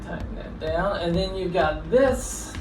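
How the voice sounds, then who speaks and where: A man's voice: sits high, a little slow, over music. A man giving a casual product demo at his home desk, explaining while he handles the gear, with frequent ums and uhs. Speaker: gear reviewer and teacher.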